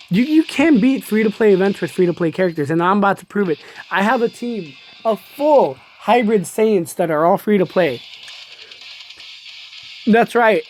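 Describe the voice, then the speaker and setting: A woman streams a mobile game live and talks her viewers through it in an excitable, chatty way, laughing often. Her voice sits at a middle pitch. Faint game music plays quietly behind her. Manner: chatty, addresses viewers as y'all. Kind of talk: live gameplay commentary.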